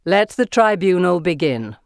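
A narrator voicing a deep, powerful man who leads a secret tribunal, making loud, formal pronouncements. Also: sing-song, measured pace, gravelly, dry recording, studio quality. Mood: commanding. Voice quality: deep, booming and commanding.

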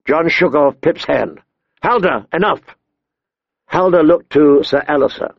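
Man, audiobook narration, measured, gravelly voice, dry close sound. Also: a little high, no room sound, lo-fi sound.

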